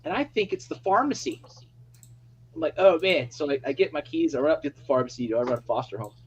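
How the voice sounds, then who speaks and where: A man hosting a live stream, telling an excited, rambling story in casual chat. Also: fairly high pitch, quick pace, husky, lo-fi sound. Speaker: livestream host.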